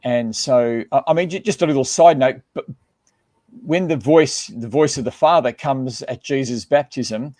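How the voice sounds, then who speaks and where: A man's voice: mid-range voice, moderate pace, darkish tone. A man co-hosting a casual discussion of a book, talking conversationally and reading verses aloud. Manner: conversational, reads scripture aloud, frequent restarts. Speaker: co-host.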